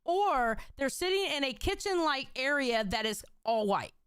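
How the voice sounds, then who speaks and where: A woman's voice: sits high, very animated, normal speed, fairly bright tone, clean tone, dry recording, studio quality. A young adult woman from Southern California, hosting a reaction stream in blunt, profane, jokey commentary.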